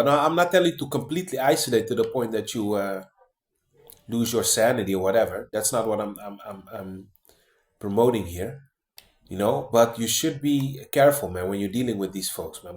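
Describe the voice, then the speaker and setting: A man's voice: mid-range voice, a little mellow, reverberant. A man talking casually to his viewers in a rambling way, full of fillers, restarts and "man" and "guys". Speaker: vlogger. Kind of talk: casual monologue to camera.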